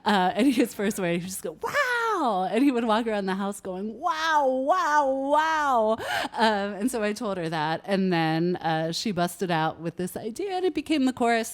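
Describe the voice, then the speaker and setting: A woman singer-songwriter chatting casually between songs on a livestream, laughing often. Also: medium pitch. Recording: guitar music behind the voice.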